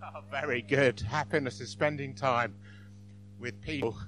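A man's voice: medium pitch, steady tone, measured pace, a bit bright, a little hiss or hum. Apologetic, chuckling man at church. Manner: self-deprecating, apologetic, chuckling. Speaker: church speaker. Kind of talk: informal church talk.

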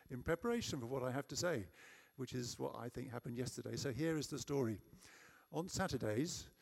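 A man's voice: medium pitch, gravelly, darkish tone. A middle-aged man preaching a sermon, telling a personal story in a chatty, self-deprecating way.

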